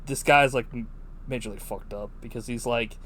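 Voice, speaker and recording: A man rambles casually through a film discussion on a podcast, stacking up fillers and swearing freely. His voice sits at an ordinary middle pitch. A faint hiss runs under the recording. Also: steady tone, moderate pace, a bit bright. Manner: rambling, profane, full of "like". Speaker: podcast co-host.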